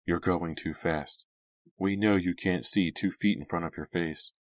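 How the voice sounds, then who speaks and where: A man's voice: low voice, measured pace, no echo. A man voicing a nervous teenage girl. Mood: frightened. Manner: tense, pleading.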